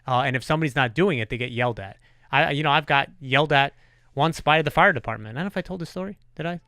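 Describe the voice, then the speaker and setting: A man hosting a podcast, telling stories in a casual, profane, animated way. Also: on the high side, quick pace, clean tone, no echo, studio quality. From New York. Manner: animated storyteller, swears freely. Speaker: podcast host.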